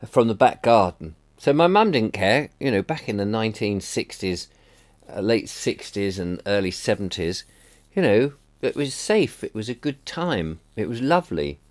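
A man's voice: fairly low pitch, expressive, normal speed. A middle-aged man from England talking in a casual, reflective vlog monologue, wistful and rambling, often trailing off mid-sentence. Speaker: vlogger.

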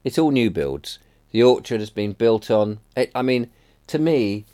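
A man's voice: medium pitch, lively intonation, measured pace, dark tone. A middle-aged man from England talking in a casual, reflective vlog monologue, wistful and rambling, often trailing off mid-sentence. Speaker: vlogger.

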